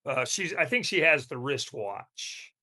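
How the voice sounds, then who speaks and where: A man's voice: medium pitch, expressive, measured pace, bright, forceful tone. A man co-hosting a podcast in casual chat, laughing often and talking with his mouth full. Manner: chatty, laughs often, eats while talking. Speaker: podcast co-host.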